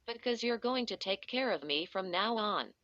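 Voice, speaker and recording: A woman voicing a softly unsettling boy. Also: mid-range voice, moderate pace, no room sound, lightly acted. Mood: eerie calm. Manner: soft, calm, insistent. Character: mysterious boy caller, soft and unsettling. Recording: dull lo-fi dry recording.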